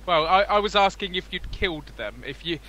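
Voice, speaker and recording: A man's voice: high-pitched, animated, fairly quick, bright, forceful tone. A man playing a tabletop role-playing game, probing another character with pointed questions. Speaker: player.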